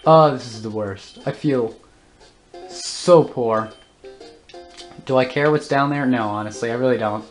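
A woman's voice: a bass voice, unhurried, pauses often, soft background music. A woman giving casual commentary while playing a video game, often flustered and groaning at it. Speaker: let's play host.

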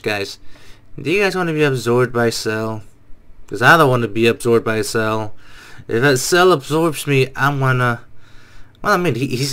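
A man hosting a casual reaction video, excitable and exclamatory, often laughing. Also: mid-range voice.

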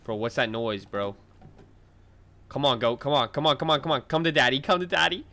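A young man hosting a let's play, talking excitedly, often shouting and laughing. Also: medium pitch, brisk. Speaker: gaming video host. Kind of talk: casual let's play commentary.

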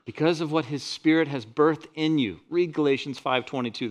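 A man preaches with a somewhat high voice. He lifts his volume when quoting scripture and drops to near-confidential asides, keeping the full range of a live sermon. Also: brisk, hardly any pauses. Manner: animated preaching, swells loud on scripture quotes; drops to quiet, intimate asides. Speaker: pastor.

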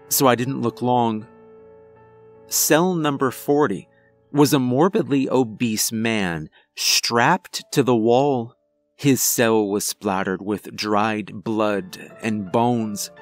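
A man narrating a first-person horror story in a measured, grave scripted delivery. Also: mid-range voice.

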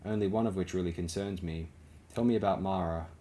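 A cool, probing smuggler chief talks over a comm channel with a low, even voice, voiced by a male audiobook reader. He stays calm and measured, with a hard edge under the politeness. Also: slight background noise, natural voice.

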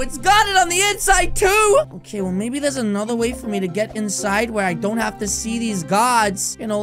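A man giving excitable roleplay gameplay commentary, exclaiming and talking to his viewers. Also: very high voice. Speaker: gaming YouTuber. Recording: game music underneath.

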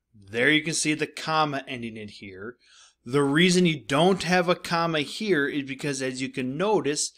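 A man's voice: mid-range voice, a bit bright. A male teacher giving a recorded lesson, explaining step by step and speaking straight to his students. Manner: explanatory, addresses students directly.

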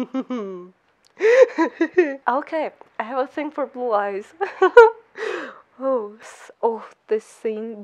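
A young woman gushing and squealing through an excited reaction vlog, full of giggles and fangirl exclamations. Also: a little high. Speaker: anime vlogger.

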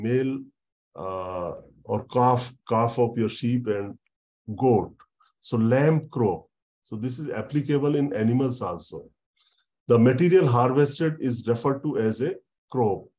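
A man giving an online university lecture, explaining slowly and repeating words with many fillers. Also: medium pitch, dark tone.

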